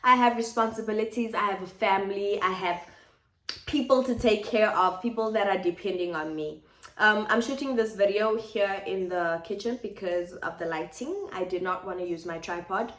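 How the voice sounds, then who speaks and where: A woman's voice: mid-range voice, moderate pace, a bit bright. A woman vlogging at home, talking things through in a reflective, repetitive way. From South Africa. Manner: reflective, speaks in repeated phrases. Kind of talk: personal vlog confiding to viewers. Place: home kitchen. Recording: echoey kitchen.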